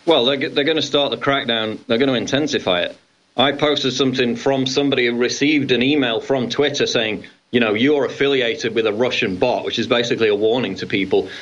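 A man's voice: mid-range voice, a little fast, a bit bright. A man co-hosting a political talk show, explaining steadily and reading out quotes. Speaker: co-host. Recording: dull lo-fi line.

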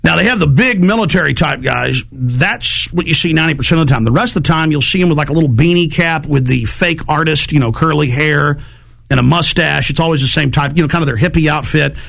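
A man hosting a talk radio show, rambling through an animated monologue and acting out the voices of people he quotes. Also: a little high, quick pace, vocal fry.

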